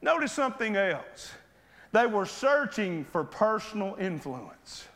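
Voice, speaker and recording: A man preaching an impassioned sermon, acting out Bible characters and often breaking into shouts. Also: high voice, big pitch swings, unhurried. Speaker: pastor. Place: church sanctuary. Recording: long hall reverb.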